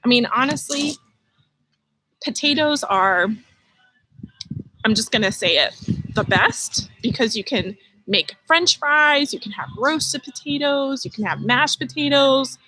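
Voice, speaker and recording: A woman's voice: high voice, unhurried, no echo, low-quality recording. A woman hosting a casual live-stream lesson outdoors by her vegetable garden, talking playfully and straight to her viewers. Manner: animated, playful, addresses viewers directly. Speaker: host teaching kids about gardening.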